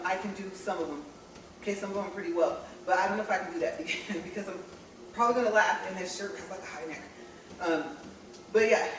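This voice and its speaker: A woman's voice: medium pitch, slight background noise. A woman from California, chatting to viewers and laughing often as she tells a story while walking on a treadmill. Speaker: vlogger. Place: indoor room with a treadmill. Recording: echoey room, mic set far off.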